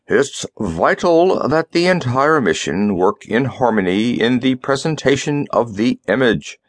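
A man's voice: medium pitch, animated, measured pace, no room sound. Male narrator as a pompous, curt middle-aged diplomat, dry close audiobook sound. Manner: pompous, snapping.

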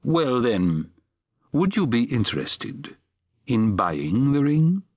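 A hesitant stranger, pitched a little above the performer's own voice, picks each slow word with care, as a male narrator puts him on. The sound is close and dry, with no room around it. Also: big pitch swings, no room sound, muffled recording. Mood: polite. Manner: halting, careful, slow. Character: strange, hesitant man from afar.

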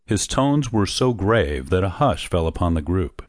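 A man with a deep, low voice reads a classic short story in measured, steady narration. The recording is dry and close, with no room sound. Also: dry recording. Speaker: audiobook narrator. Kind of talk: scripted narration.

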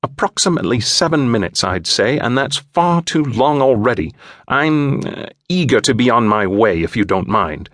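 A man voicing an anxious, pompous English gentleman with an English accent, formal and fretful in an audiobook. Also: medium pitch, big pitch swings, normal speed, no room sound, clean studio sound. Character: fussy, anxious English gentleman, short and balding.

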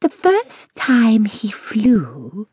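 A woman voicing an old, wise female cat in a storybook, speaking slowly in a hushed whisper. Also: a little high, wildly swooping pitch, slightly rough, voice pushed up, exaggerated voice. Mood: knowing.

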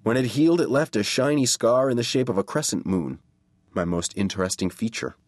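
A man reading a first-person horror story as an audiobook narrator, measured and dramatic. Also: mid-range voice, darkish tone, no room sound, clean studio sound.

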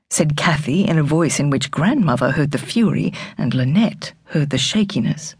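Woman audiobook narrator, husky, low, lilting, measured storytelling. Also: animated, darkish tone, dry recording, studio quality. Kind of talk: scripted narration. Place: recording studio. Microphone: close studio mic.

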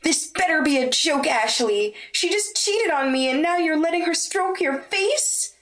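A woman voicing a tearful, angry young woman who feels betrayed by her girlfriend, her tone shrill and accusing. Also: lively intonation, a little slow, fairly bright tone. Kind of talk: audiobook character voice.

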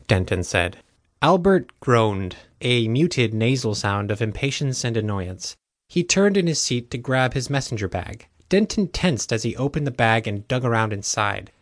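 A male audiobook narrator reading a novel in a measured, even way. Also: mid-range voice, dry recording, clean studio sound. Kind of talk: scripted narration.

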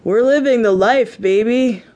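A woman's voice: a little high, measured pace, mellow, pitched above the performer's own voice, natural voice. A woman voicing a cocky young actor husband in an audiobook, easygoing and dismissive of worry. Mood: careless.

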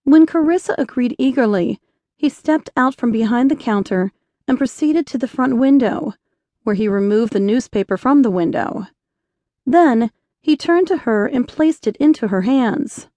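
A woman narrating an inspirational romance audiobook in a measured storytelling voice on a close studio mic. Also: a little high, expressive, dark tone, dry recording. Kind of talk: scripted narration.

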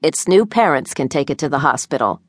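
A woman voicing a harsh, drug-addled mother who bellows coarse, loud abuse, in an audiobook. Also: low voice, expressive, fairly quick, no room sound. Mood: harsh, berating. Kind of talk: audiobook character voice. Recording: dry close studio sound.

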